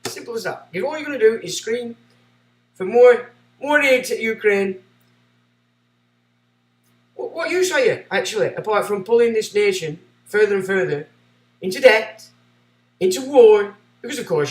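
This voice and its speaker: A man's voice: sits high, expressive, moderate pace, distant mic. A man hosting a livestream, ranting sarcastically and reading out chat messages. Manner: ranting, sarcastic, swinging between loud and muttered. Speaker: livestream host. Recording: echoey room.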